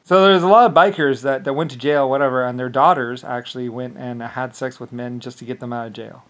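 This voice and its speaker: A man's voice: medium pitch, fairly even intonation, fairly quick, a bit bright. Guy ranting on his own channel, swearing a lot, brushing everything off, normal middle voice. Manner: profane, dismissive rant with frequent filler. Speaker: channel host. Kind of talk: rambling solo monologue.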